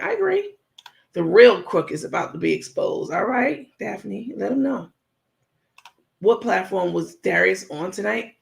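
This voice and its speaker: A woman hosts a laid-back livestream from home, reading out viewer comments and answering each one frankly. Her voice has a gravelly fry in it, and she addresses her audience directly in a chatty, unfiltered way. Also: lowish voice. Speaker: livestream host.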